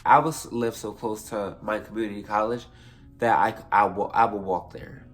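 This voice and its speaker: A young man with a slightly low voice tells a story to camera in a loose, chatty way. He swears freely, backtracks and restarts his sentences as he goes. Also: fairly even intonation, normal speed, soft background music. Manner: rambling, profane, self-correcting. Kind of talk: casual storytime vlog.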